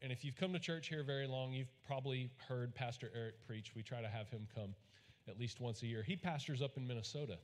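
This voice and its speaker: In a large church hall full of long reverb, a Texas pastor tells folksy stories in his sermon and has the congregation echo lines back to him. His voice is mid-range and his pace a little fast.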